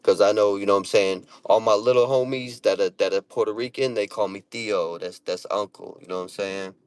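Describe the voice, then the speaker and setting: A man's voice: fairly low pitch, fairly even intonation, brisk, a little mellow, smooth. A middle-aged man with a Boston accent, hosting a casual livestream, reading viewer comments aloud and talking in a streetwise, profane way. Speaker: livestream host.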